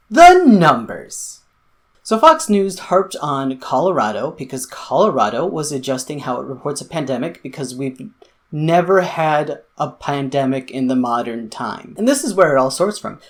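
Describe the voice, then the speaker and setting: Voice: medium pitch, very animated, moderate pace. A commentary vlogger, delivering an angry, sarcastic, profanity-filled political rant. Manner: sarcastic, profane, sputtering with anger.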